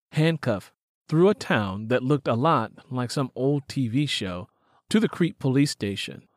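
Man, audiobook narration, slow, measured, dry studio sound. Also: medium pitch, no echo. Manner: measured, even storytelling. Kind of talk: scripted narration.

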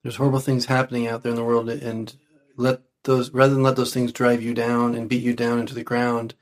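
A man's voice: mid-range voice, monotone, a little fast. A man co-hosting a faith podcast, supportive and affirming. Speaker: podcast co-host.

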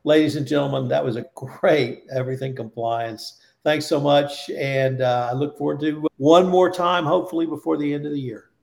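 A man's voice: fairly high pitch, fairly even intonation, moderate pace, gravelly, hardly any pauses, a little mellow. A man hosting a roundtable podcast, talking casually and emphatically, building up points in lists. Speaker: podcast host.

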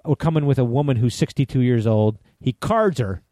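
A man from Connecticut retells a night out with blunt, profane emphasis. He keeps agreeing with his buddies as they talk, at mid pitch. The close mic picks up no room at all. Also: fairly quick, warm tone, no echo. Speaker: podcast co-host. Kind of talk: casual storytelling chat.

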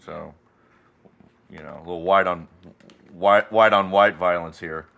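A man's voice: low-pitched, fairly even intonation, measured pace, creaky, a bit bright. Sarcastic, joking male podcast co-host. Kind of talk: casual chat.

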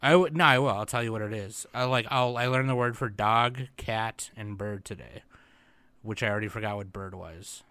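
Bright-voiced young man in loose banter. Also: fairly low pitch, moderate pace, no echo. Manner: loose, profane, rambling banter. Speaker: podcast co-host. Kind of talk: casual chat.

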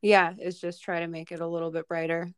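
Woman podcast co-host, low and smooth, chimes in with brief warm affirmations, dry studio sound. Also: level tone, fairly quick, no room sound. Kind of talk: casual chat.

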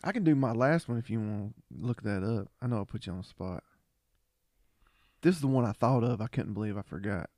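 Man, podcast co-host, casual chat, lively pitch, mellow tone, dry close sound. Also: fairly quick, no echo. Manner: animated, quotes movie lines with laughter.

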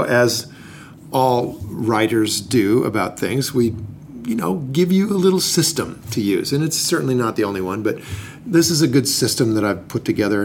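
Male co-host, lively pitch, joking teacher type, faint background noise. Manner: playful, jokey, animated explainer. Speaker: podcast co-host teaching investing. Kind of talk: casual chat.

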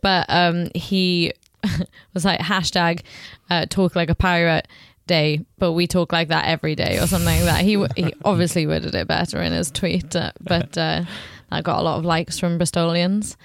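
A woman's voice: lowish voice, moderate pace, vocal fry, no room sound. A woman hosting a casual podcast chat, chatty and laughing often. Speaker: podcast host.

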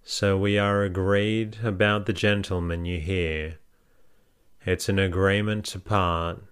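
A man voicing a blunt, bullying drunken hay trusser in a storybook reading, low and unhurried. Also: little pitch movement, fairly bright tone, smooth. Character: gruff drunken male hay trusser selling his wife.

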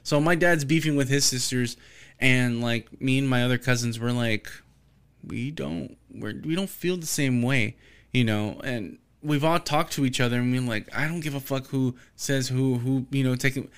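A man on a podcast, chatting casually and telling an animated, profane story. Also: mid-range voice, moderate pace, clear, resonant tone.

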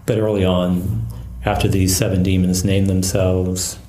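A man who is a Catholic priest and exorcist, calmly recounting a case in an interview. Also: deep voice. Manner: calm, measured storytelling. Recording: echoey room.

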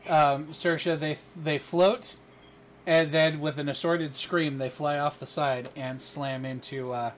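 A man narrating as game master for a tabletop role-playing game, relaxed and full of fillers. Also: a little high, slow pace, a little hiss or hum.

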